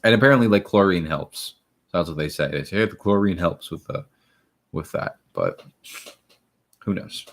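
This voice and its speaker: Chatty young man, lowish voice. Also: normal speed, pauses often. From Miami, Florida. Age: 20s. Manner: rambling, chatty, greets viewers by name. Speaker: host of a livestream. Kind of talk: casual livestream chat, reading viewer questions. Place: at home.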